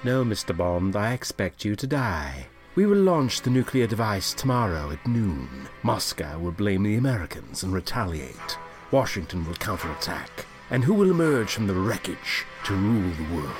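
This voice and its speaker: A man's voice: on the low side, very animated, moderate pace, music in the background. A man voicing a scheming male supervillain who gloats with cold menace. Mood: gloating.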